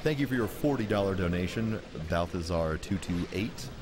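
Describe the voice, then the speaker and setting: A man's voice: sits low, animated, normal speed, background noise. A man reading donation messages aloud during a live charity gaming stream, with dry, joking announcer delivery.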